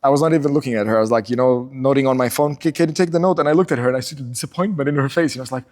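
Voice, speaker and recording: A man's voice: mid-range voice, very fast. A middle-aged man from Portugal, a podcast guest, telling stories casually and acting out quotes in raised voices. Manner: animated storyteller, acts out quotes in raised voices. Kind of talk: casual storytelling interview.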